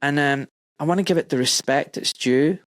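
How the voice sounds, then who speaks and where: A man's voice: on the high side, moderate pace, dry recording, clean studio sound. A man in his forties, a podcast host, telling a heartfelt personal story in casual chat and acting out his own quotes. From United Kingdom. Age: 40s.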